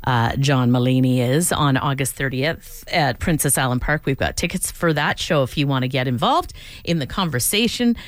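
A woman's voice: a bass voice, expressive, moderate pace, no room sound. A woman hosting a morning radio show, chatting casually and laughing easily.

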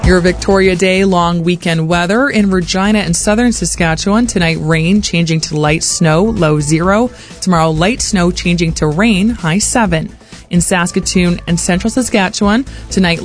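A woman reading radio news and weather in a measured, even announcing style. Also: lowish voice. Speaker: radio newsreader. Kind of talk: scripted news and weather read.

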